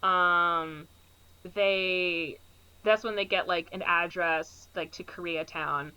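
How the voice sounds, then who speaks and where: A woman's voice: fairly low pitch, fairly even intonation, slow pace, pushed and bright, clear, resonant tone, poor audio. A woman co-hosting a podcast, casually recapping a movie plot and filling her sentences with "like". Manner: rambling, heavy use of "like" fillers. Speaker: podcast co-host.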